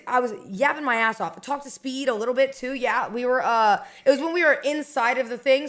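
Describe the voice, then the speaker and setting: A woman's voice: a little high, a bit bright. A woman streamer in casual chat, rambling and chatty with lots of fillers and restarts.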